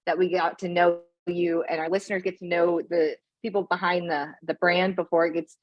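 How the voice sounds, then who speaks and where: A woman's voice: lowish voice, little pitch movement, normal speed, highs cut off. A woman in her thirties co-hosting a podcast, chatting casually and teasing her guests and co-host. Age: 30s. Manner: playful and teasing. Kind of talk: casual chat.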